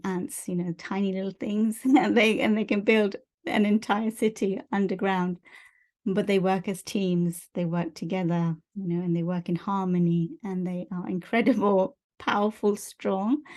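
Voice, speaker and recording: A spiritual teacher with a mid-range, darkish voice delivers a monthly energy update. She speaks earnestly and encouragingly, working through long, repetitive lists.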